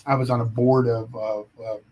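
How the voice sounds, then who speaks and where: Middle-aged ohio guy, forensic psych, telling grim stories w dark jokes, regular mid voice. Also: medium pitch, moderate pace, slight background noise, poor audio. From Ohio, United States. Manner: animated anecdotal delivery with dark humor. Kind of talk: casual storytelling chat.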